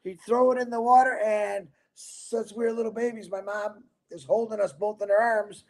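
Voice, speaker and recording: A man from Michigan hosting a livestream, giving a rambling, energetic motivational talk to his viewers. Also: high-pitched, moderate pace. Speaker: livestream host.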